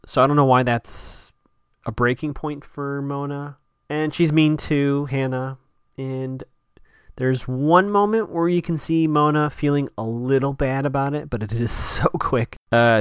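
A man's voice: medium pitch, no echo, studio quality. A man hosting a podcast, casually recapping a TV episode in a rambling, chatty way with lots of fillers and self-corrections.

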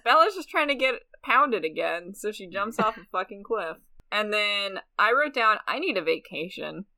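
Bright-voiced giggly woman recapping a movie. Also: medium pitch, big pitch swings, normal speed. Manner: crude, giggly storytelling. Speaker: podcast co-host. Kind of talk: casual comedic movie recap.

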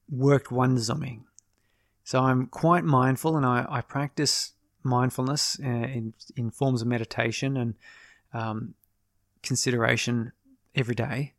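A man hosting his own podcast, talking through ideas in a casual, reflective monologue and often pausing to correct himself. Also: mid-range voice, fairly even intonation, no room sound, clean studio sound. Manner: thoughtful, explanatory, restarts and self-corrections.

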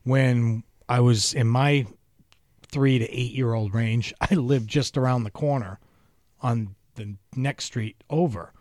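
A man in his fifties hosting a casual podcast chat and telling stories in an animated, profane way. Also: mid-range voice, takes it slowly, no echo, clean studio sound. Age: 50s.

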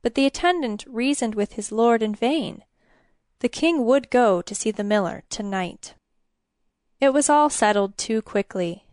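A woman narrating a fairy tale from a storybook in a steady, measured reading. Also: a little high, no room sound, clean studio sound.

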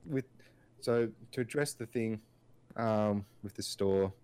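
A man's voice: on the low side, slow pace, a little mellow, clear, resonant tone, no echo. A man co-hosting a casual podcast, rambling through his points with lots of filler words and restarts. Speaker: podcast co-host. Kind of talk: casual chat.

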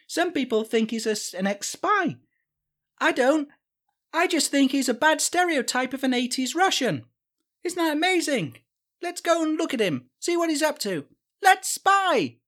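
A woman voicing an odd, creepy boy who hosts a spy podcast, rambling and awkward with lots of fillers. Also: sits high. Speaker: podcast host.

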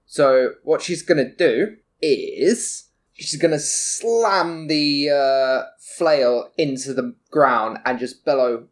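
Male player, quick and matter-of-fact, casual tabletop chat. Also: medium pitch.

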